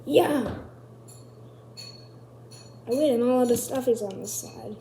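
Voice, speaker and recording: A woman's voice: a little high, slow pace, mellow, a little hiss or hum. A woman hosting a casual tech explainer video, rambling and correcting herself as she goes. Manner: rambling, self-correcting, chatty. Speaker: video host.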